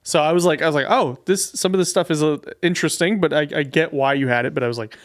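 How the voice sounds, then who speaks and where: A man's voice: on the high side, fast. A man, the show's producer, chatting as a guest in a hesitant, self-deprecating, rambling way. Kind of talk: casual podcast chat. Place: podcast studio.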